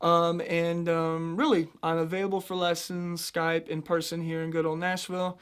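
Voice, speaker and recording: A man from central Illinois giving a casual singing lesson, chatting about head voice and breaking into high sung demonstrations. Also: flat delivery, moderate pace, a bit bright, smooth. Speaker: vocal coach.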